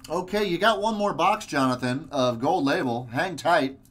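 A man's voice: a little high, expressive, moderate pace, fairly bright tone, a little hiss or hum. A man hosting a live card-break stream, giving chatty, upbeat commentary as he opens packs. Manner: chatty, upbeat, many fillers.

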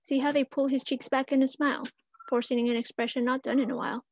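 A gentle, wise mother gives her small daughter soft rhymed counsel, voiced by a woman reading the story aloud. Her voice sits high, and the sound is close and dry. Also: little pitch movement, quick pace, no echo. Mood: tender. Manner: soft, consoling rhymed verse.

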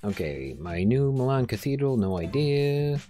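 A man's voice: mid-range voice, sing-song, measured pace, warm tone, soft background music. A man casually commenting on his own game play, joking, reading the customers' lines aloud and talking to himself. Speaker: gameplay video host. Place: home room during a rainstorm.

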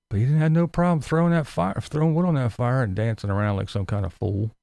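Sarcastic, gravelly man ranting on a stream. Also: on the low side, expressive, quick pace, few pauses, warm tone, dry recording. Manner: sarcastic, mocking, swears freely, laughs often. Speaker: YouTube commentary host reading live chat. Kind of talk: live-stream commentary rant.

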